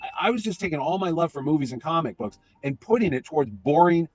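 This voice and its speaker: A man in his fifties, an interview guest, telling an animated anecdote. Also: fairly high pitch, very noisy. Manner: animated, fast-talking storyteller. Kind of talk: storytelling anecdote.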